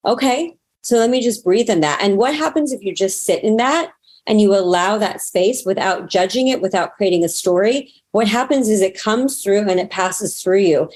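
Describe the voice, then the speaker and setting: Speaking at a moderate pace with lively intonation, this woman's mid-range voice is a little mellow. She's a spiritual teacher and astrologer in a relaxed interview, being candid, cursing occasionally, and voicing her own self-talk as quoted asides.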